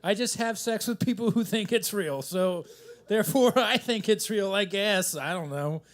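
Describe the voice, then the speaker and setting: A man's voice: sits high, animated, normal speed. Rambling self-deprecating male stand-up comic. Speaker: stand-up comedian. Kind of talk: live stand-up at an open mic. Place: coffee shop open mic.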